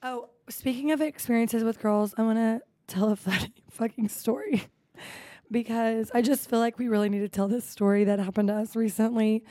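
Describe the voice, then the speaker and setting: A woman in her thirties co-hosting a podcast, telling stories in a lively, casual way with plenty of swearing and laughter. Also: fairly high pitch, moderate pace, dry recording. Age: 30s. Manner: animated storytelling with frequent swearing and laughs. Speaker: podcast co-host. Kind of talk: casual chat.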